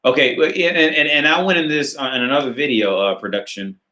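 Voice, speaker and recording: Male streamer, mid-pitched voice, loose profane rambling answers to chat, roomy sound. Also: fairly quick, pushed and bright. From United States. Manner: rambling, profane, heavy "like" filler. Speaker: dating advice channel host. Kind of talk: casual live Q&A, reading viewer questions.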